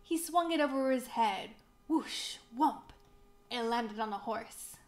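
A woman reading a children's picture book aloud, slow, clear and expressive for young children. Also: fairly high pitch. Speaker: museum storybook reader.

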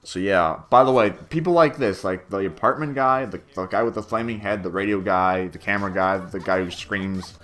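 A man's voice: low voice, moderate pace, few pauses, fairly bright tone. A young man giving a rambling, stammering director's commentary on his own machinima, full of fillers and swearing.

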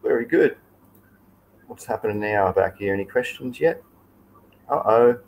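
An Australian man with a fairly low voice hosts a relaxed live stream. His talk is loose and rambling, with plenty of filler and friendly asides to his viewers. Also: measured pace, vocal fry, lo-fi sound, slight background noise. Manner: chatty, easygoing, loose and rambling. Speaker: livestream host. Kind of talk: casual live chat.

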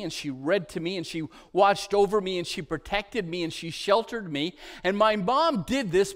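High-voiced male pastor preaching. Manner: emphatic, swings between loud declarations and hushed soft phrases; storytelling with repeated lists. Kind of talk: sermon. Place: church sanctuary.

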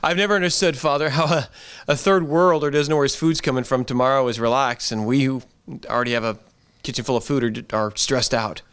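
Male pastor, mid-pitched voice, conversational sermon delivery, earnest and repetitive, church setting. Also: brisk, hardly any pauses, fairly bright tone, clean tone. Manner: earnest, conversational preaching with repeated phrases.

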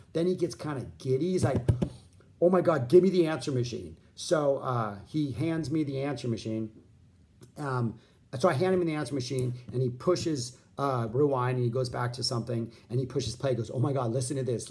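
A man's voice: medium pitch, gravelly, darkish tone. A man in his fifties hosting a vlog, telling a long story in a rambling way, full of fillers and restarts. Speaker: host.

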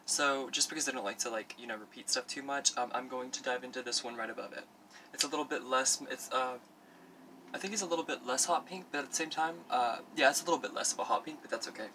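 A man's voice: mid-range voice, fast, sharp tone, slight background noise. A young man hosting a parody makeup tutorial at home, rambling with lots of fillers and camp asides to himself. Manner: rambling, filler-heavy, camp self-talk. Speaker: makeup vlogger. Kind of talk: parody beauty tutorial chat. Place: at home doing his makeup.

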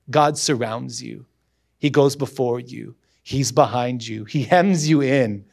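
A man's voice: medium pitch, slow, vocal fry, darkish tone. A man as a guest pastor, preaching earnestly with repeated emphatic phrases, then leading a closing prayer.

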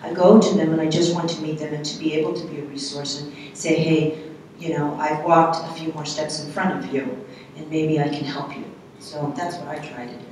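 A middle-aged woman speaking on a panel, telling a personal story in a candid, halting, soft-spoken way. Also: sits low, fairly even intonation, slight background noise. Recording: echoey hall from far off.

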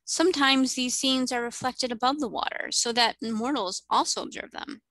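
A woman reading as a gracious mermaid queen, bright and calm. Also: high-pitched, dry recording, pitched above the performer's own voice, low-quality recording. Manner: cordial, friendly and measured.

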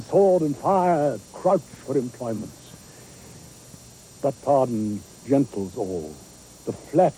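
A grand stage chorus. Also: male voice, fairly high pitch, mellow, slight background noise, low-quality recording. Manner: grand, declamatory. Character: stately male stage chorus, grand and imploring. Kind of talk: declaimed Shakespeare verse.

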